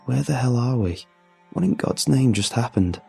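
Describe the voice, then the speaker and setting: A man voicing a rough crewman who yells and questions in shock, in a spoken horror story. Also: medium pitch, animated, moderate pace, faint music behind, voice pushed up, heavily acted. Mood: stunned. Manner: yelling, frantic.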